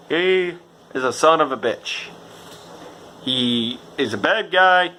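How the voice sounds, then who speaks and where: A man giving a casual, rambling video game review, excitable and swearing freely. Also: medium pitch, slight background noise, low-quality recording.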